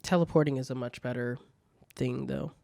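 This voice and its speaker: A man's voice: medium pitch, steady tone, moderate pace, vocal fry, a little mellow, no room sound. A young man hosting a solo podcast, telling stories in a casual, profane way. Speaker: podcast host.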